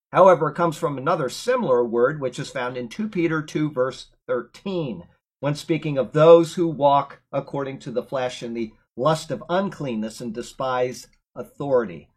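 A man teaching a Bible lesson, explaining words verse by verse and drifting into relaxed, chatty tangents. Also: mid-range voice, low-quality recording. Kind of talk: verse-by-verse Bible commentary with casual asides.

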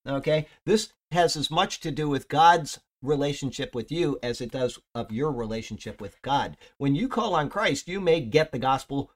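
A man talks through a Bible passage in an easygoing, unscripted way. He drifts between points, restarting sentences and filling pauses as he goes. His voice sits at an ordinary middle pitch. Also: expressive. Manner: rambling, conversational, with many fillers and restarts. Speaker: Bible teacher. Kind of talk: casual Bible teaching talk.

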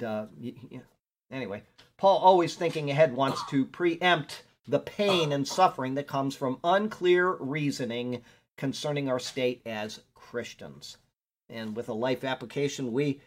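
A man teaching a Bible study as a pastor, chatting casually, stopping to look up verses, and reading scripture aloud with emphasis. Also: mid-range voice. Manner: conversational, digresses while looking up verses.

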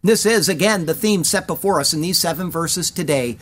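A Bible teacher giving scripted verse-by-verse commentary, reading in a measured way and stressing key phrases. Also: mid-range voice, a bit bright.

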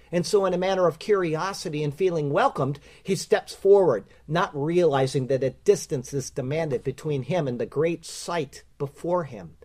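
Emphatic, deliberate Bible teacher man. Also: fairly high pitch, darkish tone. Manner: deliberate, emphatic, slows to stress quoted words. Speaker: preacher.

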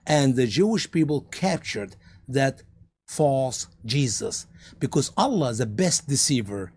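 A man preaching a sermon with animated storytelling, rhetorical questions, and scenes he acts out in different voices. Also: medium pitch, measured pace, breathy edge.

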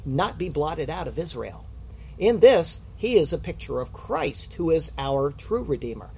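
A man's voice: fairly high pitch, darkish tone, breathy edge. A man preaching a sermon in an earnest, questioning teaching manner, with scripture readings. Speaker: pastor.

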